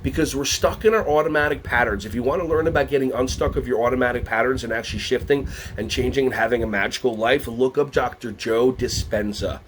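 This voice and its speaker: A man presenting a teacher workshop, talking to a live audience, asking them questions and acting out quotes in high put-on voices. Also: fast talker, hardly any pauses, a little hiss or hum. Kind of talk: lively teacher workshop talk.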